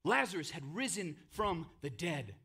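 A male pastor preaching a sermon, telling the story dramatically, dropping to a hush and then booming out names, with casual joking asides. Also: big pitch swings, measured pace, creaky, slightly rough.

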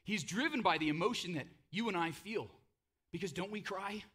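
Bright-voiced preaching man in his thirties. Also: high-pitched, normal speed, slightly rough. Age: 30s. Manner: passionate, conversational preaching with frequent "right?". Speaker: pastor. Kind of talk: sermon.

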